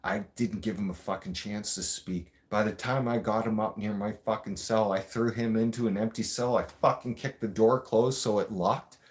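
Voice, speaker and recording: A man with a low voice telling a story on his show in a loose, casual way. He is blunt and streetwise, swears in nearly every sentence, and talks straight at his listeners. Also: fairly even intonation, moderate pace, few pauses. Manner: swears constantly and addresses listeners directly.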